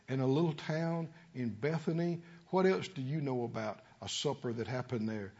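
A man's voice: medium pitch, moderate pace, hardly any pauses, darkish tone, slightly rough. A man preaching a sermon to a congregation, calling for responses and rising to emphatic peaks. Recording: lo-fi church recording with long reverb.

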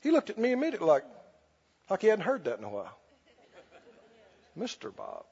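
A man's voice: sits high, wildly swooping pitch, racing, darkish tone, husky, lo-fi sound. A man preaching a sermon as pastor, telling a story, then leading a fervent prayer and praise.

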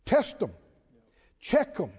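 A man preaching a sermon, emphatic and animated, stretching key words slowly and chuckling between points. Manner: animated, emphatic, with slow drawn-out stresses and chuckles. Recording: dull sound with long hall reverb.

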